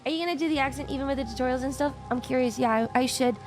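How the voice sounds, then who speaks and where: A woman with a high, bright-sounding voice chats casually while she plays a game. She thinks out loud and swears without a second thought. Game music runs underneath her voice. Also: rapid-fire. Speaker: streamer. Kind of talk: casual live-stream chat while gaming.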